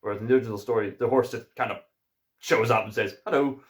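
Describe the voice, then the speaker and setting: A man's voice: lowish voice, fairly even intonation, quick pace. Hesitant Scottish man reviewing a film. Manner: hesitant, musing, many fillers. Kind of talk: casual video review.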